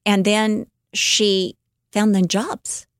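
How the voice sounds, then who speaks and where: A woman's voice: medium pitch, level tone, extremely slow, no room sound, studio quality. A woman co-hosting a podcast, casually retelling a life story with fillers and acted-out quotes.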